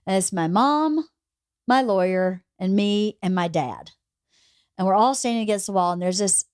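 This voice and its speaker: A woman hosting a podcast, telling a story in a lively, casual way and laughing as she goes. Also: medium pitch, no room sound, studio quality. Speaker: podcast host.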